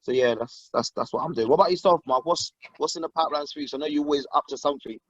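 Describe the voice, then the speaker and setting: Brief: young male guest, quick and lively, muffled dry sound. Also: a little high, husky, no echo. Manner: excitable, swears, laughs often. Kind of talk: casual video call chat.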